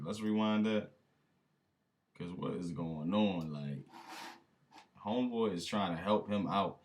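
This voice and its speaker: A man's voice: low-pitched, slow pace, pauses often, a little hiss or hum. A man hosting a reaction video, talking casually and with disbelief, laughing now and then and speaking straight to his viewers in slang.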